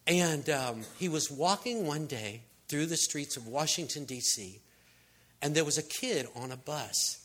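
Guy preaching, bright tone, tells stories, does voices, gets loud sometimes. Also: on the high side, expressive, measured pace. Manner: storytelling, acts out voices, shouts for emphasis. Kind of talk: sermon.

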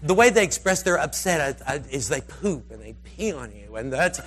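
Animated male preacher telling a story. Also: fairly high pitch, normal speed. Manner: animated, rambling anecdotes with voices. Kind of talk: storytelling sermon.

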